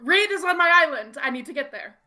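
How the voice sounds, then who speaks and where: High, bright-voiced woman player. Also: animated, brisk, soft background music. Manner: playful, giggly. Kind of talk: tabletop role-play, in and out of character.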